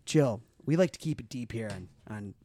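A woman's voice: rumbling low, normal speed. A woman co-hosting a podcast, chatting casually and telling a story with lots of acted-out quotes and casual swearing. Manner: animated storyteller who acts out friends' quoted lines, swears freely. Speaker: podcast co-host. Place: podcast studio.

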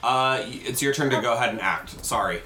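A man running a tabletop game as game master, hesitant, with many ums and quick apologies. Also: mid-range voice, heavy background noise.

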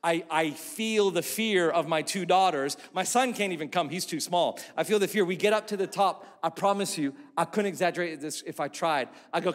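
High-voiced man preaching in an echoing hall. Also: brisk, hardly any pauses. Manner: animated storyteller, self-mocking humor. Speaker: pastor. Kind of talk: sermon with a personal story. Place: church hall. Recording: echoey church hall.

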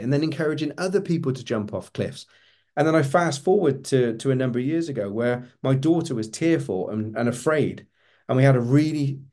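A man's voice: medium pitch, dark tone. A middle-aged man, a coach giving an earnest motivational talk and repeating words for emphasis.

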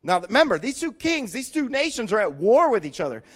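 Male pastor, high and very expressive voice, animated sermon storytelling. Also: fairly quick. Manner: animated storytelling, voicing characters, rising to loud emphasis.

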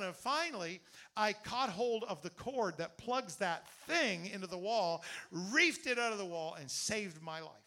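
A male pastor preaching an animated sermon, telling stories and leading the congregation in call-and-response. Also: high voice, measured pace.

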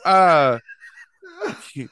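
A man's voice: on the high side, animated, extremely slow, bright, forceful tone, clean tone, no echo, studio quality. A man hosting a podcast, telling a rambling road story in casual chat, laughing often and restarting his sentences. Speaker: podcast host.

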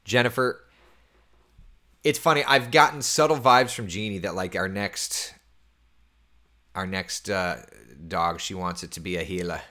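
A man's voice: sits low, measured pace, pauses often. A man in his thirties hosting a casual morning chat, reading viewer comments and talking about his week, who laughs easily and sometimes drops to a near-whisper. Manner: chatty and animated, laughs often, drops to a hushed near-whisper at times. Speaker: host.

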